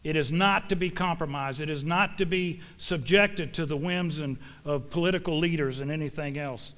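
A man's voice: a little high, moderate pace, a bit bright. A man preaching a sermon to a congregation in a church, in a folksy, emphatic way full of homespun sayings.

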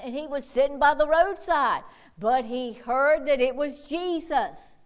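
A woman preaching a sermon with fervor, whooping and calling out hallelujahs, swinging from quiet asides to loud, bold exhortation. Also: high voice, measured pace. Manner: fervent, punctuated by whoops and hallelujahs.

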